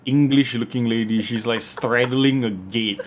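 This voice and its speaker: A man's voice: mid-range voice, noisy background. A man hosting a late-night podcast in a casual, joking, teasing way. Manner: joking, teasing, jumps between slow and rushed. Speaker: podcast host.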